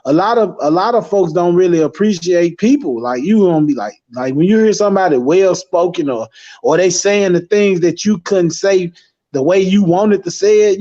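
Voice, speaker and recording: A man chatting casually as a guest on a live stream, loose and profane, with animated street talk. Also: high-pitched. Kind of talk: casual chat. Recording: dull lo-fi stream audio.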